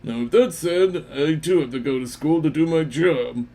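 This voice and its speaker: A man's voice: on the high side, moderate pace, dark tone, lightly acted. A man voicing a boozy, pompous adult schoolteacher with a boisterous, self-important manner. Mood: reassuring. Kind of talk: fan radio play acting.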